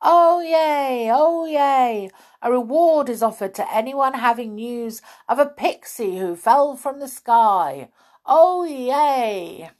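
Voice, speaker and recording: Storybook town crier, loud and high-pitched, sing-song calls; woman reader. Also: animated, slow pace. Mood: proclaiming. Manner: calling out loudly in a sing-song.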